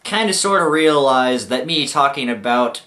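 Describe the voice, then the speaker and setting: A young adult man vlogging, telling comic stories about his own mishaps in a jokey, self-mocking and animated way. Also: medium pitch, normal speed. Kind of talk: comic storytelling to camera.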